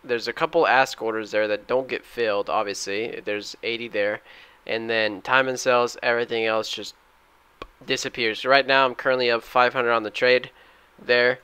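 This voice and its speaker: A man's voice: medium pitch, normal speed, clear, resonant tone, no room sound. A young man recapping his day trades over screen recordings, talking casually and getting worked up when a trade fails. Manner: excitable, shouts at the chart when trades fail. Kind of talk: trading recap with screen commentary.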